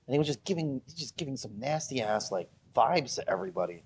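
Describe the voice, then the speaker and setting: A man's voice: medium pitch, fast, husky. A man hosting a casual livestream, chatting with viewers and ranting with jokes and mocking voices. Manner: animated, joking rants with mocking voices. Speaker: livestream host.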